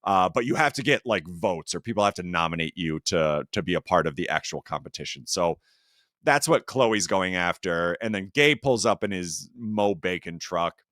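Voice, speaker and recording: A man's voice: deep voice, normal speed, no echo, clean studio sound. A man hosting a podcast, chatting casually about a film in a rambling way, full of fillers. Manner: rambling, heavy use of "like", animated rises. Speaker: podcast host. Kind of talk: casual movie review chat.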